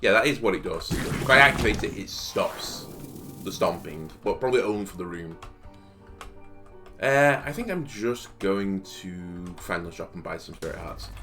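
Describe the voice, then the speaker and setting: A man's voice: sits low, lively intonation, moderate pace, bright, forceful tone, soft background music. A young man telling a rambling story, full of fillers, while he comments on his game. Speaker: gaming video host. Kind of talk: casual commentary while playing.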